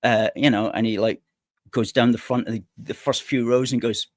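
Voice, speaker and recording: A man's voice: medium pitch, steady tone, normal speed, no room sound, clean studio sound. A man hosting a political commentary show, reading out news items with sarcastic, indignant asides.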